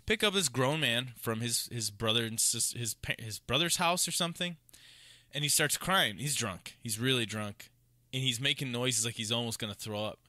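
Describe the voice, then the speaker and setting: A man's voice: medium pitch, moderate pace, sharp tone, no room sound. A man from Illinois, a podcast co-host, casually telling rambling rideshare stories and acting out what people said. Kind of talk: casual chat, storytelling.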